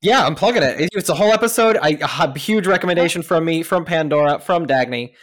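A man's voice: on the high side, fast talker. A man hosting a casual podcast who talks breezily and swears offhandedly. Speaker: podcast host. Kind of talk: casual chat.

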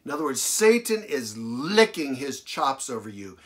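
Man preaching with dramatic loud-soft swings. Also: mid-range voice, sing-song, normal speed. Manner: repeats key phrases for emphasis. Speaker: pastor. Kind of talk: sermon.

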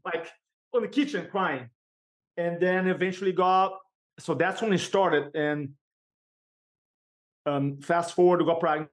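Animated man telling a story. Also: fairly high pitch. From Brazil. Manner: animated, emphatic storyteller with vivid pauses. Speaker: podcast guest. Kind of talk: personal storytelling.

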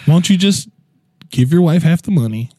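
A man's voice: on the high side, lively intonation, fairly quick, dark tone. A man hosting a crude, joking comedy podcast from a studio. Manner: crude, joking, laughs a lot. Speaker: podcast host. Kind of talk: casual comedic chat.

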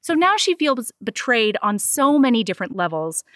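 Animated, foul-mouthed woman recapping a book. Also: on the high side, moderate pace, dry recording, clean studio sound. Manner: animated, swears freely, acts out characters' lines. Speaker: podcast co-host reviewing a book. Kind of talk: casual chat, recapping a book.

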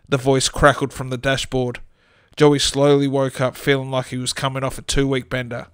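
A man's voice: mid-range voice, completely flat delivery, normal speed, hardly any pauses, clean tone, no room sound, clean studio sound. Laughing man reading a comic story. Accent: Australian. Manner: reads with frequent laughter breaking through. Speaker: storytelling podcast host.

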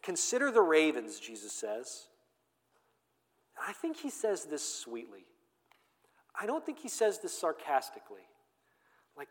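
A man preaching a sermon as pastor, emphatic, swinging between loud declarations and hushed, tender lines. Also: on the high side, wildly swooping pitch, normal speed, long pauses, in a large hall.

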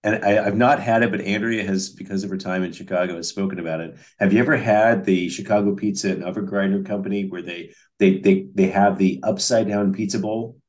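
A man's voice: sits low, fairly even intonation, a little fast, hardly any pauses, darkish tone. A middle-aged man co-hosting a casual chat, telling rambling stories with many restarts. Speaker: podcast co-host.

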